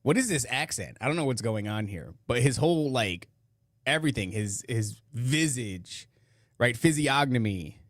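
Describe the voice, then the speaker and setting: Sarcastic podcast host, dry close sound. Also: male voice, medium pitch, expressive, moderate pace, no echo. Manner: sarcastic, mocking, rambling asides. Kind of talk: casual commentary over clips.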